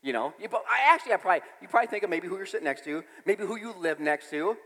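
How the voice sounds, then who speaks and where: A man preaching a sermon in a church, animated and storytelling, with laughs and sudden shouts. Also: sits high, rapid-fire, big-room sound. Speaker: pastor.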